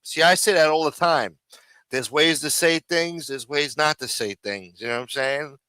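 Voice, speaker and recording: Bright-voiced swearing male stream host. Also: a little high, moderate pace, smooth, dry recording. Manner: rambling, swears often, repeats himself. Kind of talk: profane casual commentary on clips.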